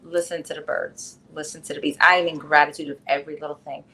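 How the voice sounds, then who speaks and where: A woman with a New York accent, a wellness coach, chatting as a podcast guest in an animated, rambling way with frequent laughs. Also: low voice, fast. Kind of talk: casual interview chat.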